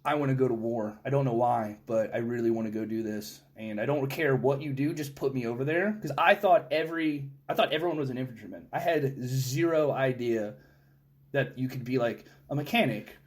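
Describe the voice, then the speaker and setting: Fast-talking excitable podcast host. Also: male voice, medium pitch. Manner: excitable, swears, lots of "like". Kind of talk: casual storytelling.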